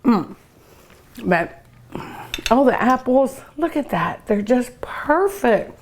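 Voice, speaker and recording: A woman's voice: fairly high pitch, lively intonation, slow, a little mellow, slight background noise. An older woman with a Kentucky Southern accent, hosting a cooking show and gushing over each dish as she tastes it, humming and sighing between bites. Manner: savoring, gushing over each bite with hums and sighs. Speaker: cooking show host and restaurant owner. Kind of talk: food tasting show.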